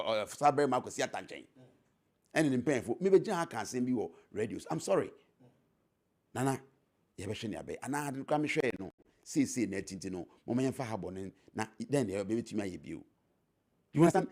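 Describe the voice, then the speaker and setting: A man's voice: medium pitch, lively intonation, fairly quick, darkish tone. A middle-aged man with a Ghanaian accent, a former MP speaking as a talk show guest, switching between English and Twi and repeating key phrases for emphasis. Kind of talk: animated political talk show debate, mixing English and Twi.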